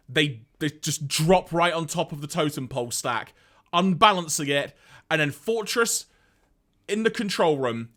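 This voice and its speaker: A man co-hosting a podcast, recapping an episode in a casual, animated way and reading out lines. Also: a little high. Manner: animated storyteller, reads out lines, laughs often. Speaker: podcast co-host.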